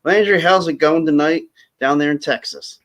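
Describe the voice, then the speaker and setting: A man hosts a casual sports chat, easygoing and a bit hesitant with fillers, calling himself a draft geek and eager about the football draft. His voice is a little high and a bit bright, at a moderate pace.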